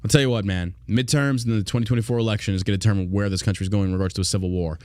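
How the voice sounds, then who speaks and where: A man's voice: fairly low pitch, fairly even intonation, very fast, darkish tone, dry recording, studio quality. A man hosting a political podcast, reading news aloud and ranting in a heated, profane way. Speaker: podcast host.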